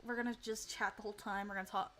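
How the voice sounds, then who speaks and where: A young woman streaming casually, excitable and giggly, with lots of fillers and restarts. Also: medium pitch, very fast. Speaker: VTuber streamer. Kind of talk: casual livestream chat.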